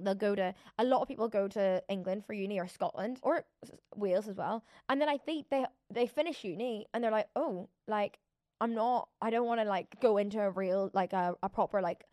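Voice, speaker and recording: A woman's voice: mid-range voice, no echo, clean studio sound. A woman from Belfast with a Belfast accent, hosting a podcast in a chatty, rambling solo monologue full of "like". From Belfast, Northern Ireland. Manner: chatty, rambling, oversharing, lots of "like". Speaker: podcast host. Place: indoor recording room.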